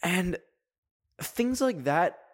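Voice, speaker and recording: A young man from Canada hosting a podcast, talking casually in a rambling, animated way, full of fillers. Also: high-pitched, extremely slow. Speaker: podcast host.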